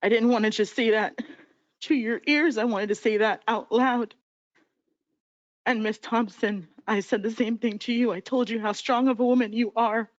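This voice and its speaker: A woman in her thirties, a city commissioner, speaking emotionally with halting pauses and fillers at a desk microphone. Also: a little high, fairly even intonation, dry recording. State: emotional, near tears. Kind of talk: emotional public statement. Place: council chamber. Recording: dull lo-fi meeting audio.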